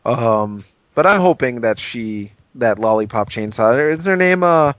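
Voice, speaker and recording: Upbeat podcast dude, bouncy voice, dry close mic, keeps asking stuff. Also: male voice, medium pitch, animated, unhurried, no room sound. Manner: playful, upbeat, asks lots of questions. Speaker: podcast co-host. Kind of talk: casual chat.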